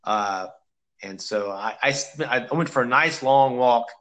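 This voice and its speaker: Bright rambling man telling a story. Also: mid-range voice, unhurried, poor audio. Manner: rambling, many restarts, acts out quotes. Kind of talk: casual chat, storytelling.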